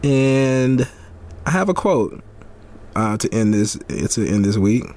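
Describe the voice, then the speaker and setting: A man's voice: mid-range voice, animated, takes it slowly, a little mellow. A man co-hosting a podcast in a laid-back, joking, slangy way. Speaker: podcast co-host. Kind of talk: casual chat.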